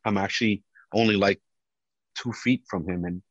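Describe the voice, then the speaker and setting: A man with a big, loud voice, a police officer giving personal testimony. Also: fairly low pitch, steady tone, moderate pace, no room sound. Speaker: police officer telling his story. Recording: dull, dry lo-fi recording.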